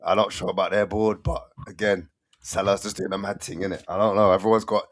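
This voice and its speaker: A man's voice: deep voice, level tone, fairly quick, no echo. A man hosting a casual, slangy football fan chat and often laughing. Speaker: host.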